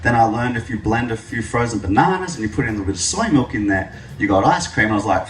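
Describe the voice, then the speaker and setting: A young man giving a public speech, telling his story with lively jokes. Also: lowish voice, quick pace, hardly any pauses, background noise. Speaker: speaker at an event. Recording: echoey hall, mic from a distance.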